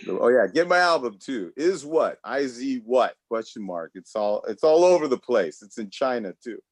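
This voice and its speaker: A man's voice: medium pitch, expressive, normal speed, no room sound. A man from Los Angeles doing a loose, rambling stand-up set over a video call, often laughing at his own jokes. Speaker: stand-up comedian. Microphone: home computer mic on a video call.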